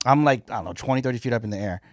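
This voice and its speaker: A man with a Chicago accent telling a profane work story in a casual, animated way and acting out both sides. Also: medium pitch, racing, no echo, studio quality. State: high. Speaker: comedian guest.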